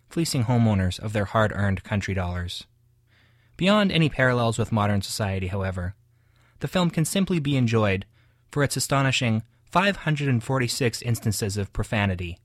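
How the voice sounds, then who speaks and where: A man reading scripted comedy narration as an announcer, with loud, crisp, mock-formal delivery. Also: mid-range voice, no echo, studio quality.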